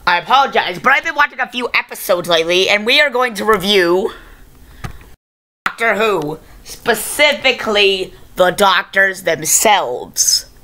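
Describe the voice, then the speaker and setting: Woman host, bright voice, rambling off-the-cuff reviewer who corrects herself mid-sentence. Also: medium pitch, animated, unhurried. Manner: rambling, unscripted, self-correcting. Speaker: video reviewer. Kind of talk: casual improvised video review.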